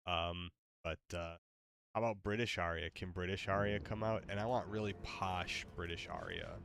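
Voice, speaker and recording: A man's voice: low-pitched, fairly even intonation, moderate pace, gravelly, a bit bright, a little hiss or hum. A man streaming a game, exclaiming in panic and joking with his AI companion. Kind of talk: casual game commentary.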